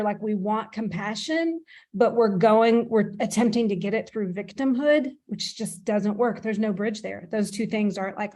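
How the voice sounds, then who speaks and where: A woman's voice: mid-range voice, darkish tone. A woman co-host reflecting enthusiastically on what the speaker shared, with many fillers. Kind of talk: reflective discussion.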